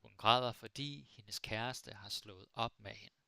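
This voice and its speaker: A man teaching Danish in a relaxed live lesson, playfully mixing Danish and English with silly example sentences, recorded on a close microphone. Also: lowish voice, unhurried, creaky, dry recording. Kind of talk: casual live-stream language lesson.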